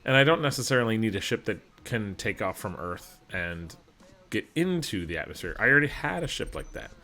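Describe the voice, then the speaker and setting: A man's voice: on the low side, sing-song, brisk, bright, forceful tone. A man from Alberta giving casual, rambling, self-deprecating commentary over a video game as host of his channel. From Alberta, Canada.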